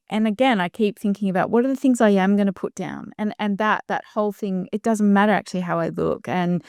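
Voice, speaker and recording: A woman's voice: mid-range voice, darkish tone, smooth, no room sound, clean studio sound. A woman in her fifties hosting a podcast, talking in an earnest, reflective way and often laughing. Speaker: podcast host. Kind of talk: reflective conversation.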